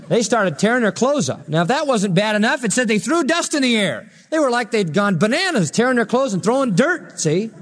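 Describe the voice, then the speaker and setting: A man's voice: high voice, in a large hall. A man preaching a sermon, acting out quoted lines with a raised voice between plain explanation. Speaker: pastor.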